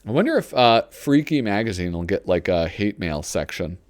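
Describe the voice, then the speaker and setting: Low-voiced man, lively rambling host. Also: normal speed, dry recording. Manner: rambling and self-deprecating, reads lines aloud. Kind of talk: casual commentary while paging through a magazine.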